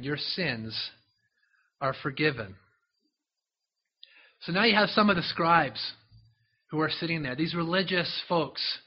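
A man's voice: fairly high pitch, husky, highs cut off. A man preaching a sermon, retelling a Bible story in a conversational way with frequent asides to his listeners.

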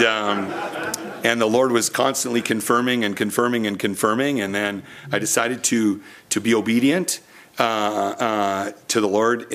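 A man's voice: fairly low pitch, a bit bright. Earnest young man preaching a sermon. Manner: personal storytelling, earnest, with many restarts.

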